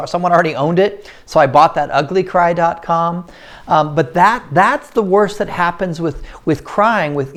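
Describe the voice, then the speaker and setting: A middle-aged man from the United States, talking heartfelt and encouraging in a personal monologue and slowing down to stress his points. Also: a little high. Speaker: host of a personal story series. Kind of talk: earnest talking-to-camera monologue.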